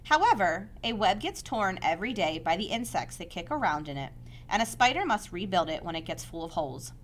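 A woman narrating a children's novel aloud with measured, expressive storytelling. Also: on the low side, a little hiss or hum.

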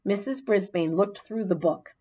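A woman narrating a children's audiobook in an expressive, unhurried storytelling manner, giving the characters their own voices. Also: medium pitch, husky.

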